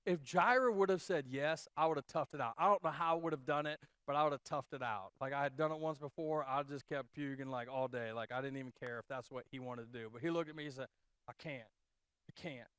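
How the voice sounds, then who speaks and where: A male pastor from Iowa telling a long, animated story during a sermon, chatty and full of fillers and restarts. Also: medium pitch, fast, hardly any pauses, clear, resonant tone, no room sound, clean studio sound. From Iowa, USA. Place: church.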